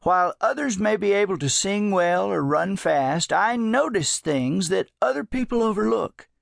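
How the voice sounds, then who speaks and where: A man voicing a gentle, teasing old male drifter with a folksy, drawling manner in an audiobook. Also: sits high, lively intonation, normal speed, gravelly, no echo, clean studio sound, voice pushed up, heavily acted.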